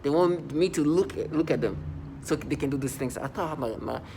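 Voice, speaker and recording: A man talking in a casual vlog monologue, rambling and halting, with many restarts and stammered repeats. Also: on the high side, background noise. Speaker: vlogger.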